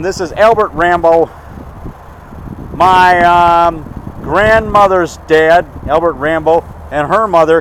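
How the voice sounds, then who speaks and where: Man, 50s, from the Chicago area, slightly high voice, wandering chatty monologue, outdoors. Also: a bit bright, slight background noise, poor audio. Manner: digressive, talks in fragments with fillers and self-corrections. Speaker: vlogger. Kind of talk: rambling graveside monologue. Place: outdoor cemetery.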